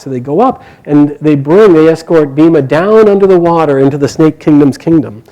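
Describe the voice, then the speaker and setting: A man casually retelling an epic story aloud, animated, with quick bursts and hushed quoted lines. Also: on the high side, low-quality recording.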